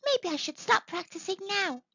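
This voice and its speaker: A woman voicing an eager little male tadpole in a read-aloud storybook, high and excited. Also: normal speed, vocal fry, no room sound, full character voice. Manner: excited, high-pitched squeaky. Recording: dry, slightly dull recording.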